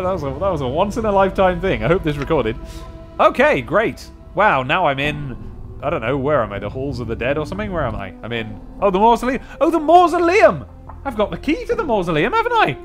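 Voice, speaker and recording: A man chats his way through a role-playing game, muttering to himself and poking fun at his own attempts. His voice sits fairly high and swoops about in lively fashion. Faint game music plays behind him. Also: fast. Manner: chatty, self-mocking, muttering to himself. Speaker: game let's-player. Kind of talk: casual game commentary and reading aloud.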